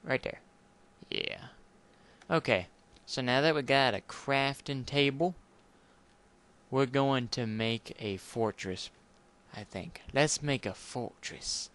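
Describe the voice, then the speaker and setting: Slow, awkward young gamer guy. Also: medium pitch, a bit bright. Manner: rambling, self-consciously awkward, apologetic. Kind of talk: casual let's play commentary.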